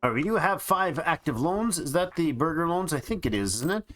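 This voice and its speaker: A man's voice: on the high side, lively intonation, brisk, fairly bright tone. Rambling man narrating a strategy game. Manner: thinking aloud, rambling with frequent restarts. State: tired and yawning. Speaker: let's play host. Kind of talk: casual game commentary.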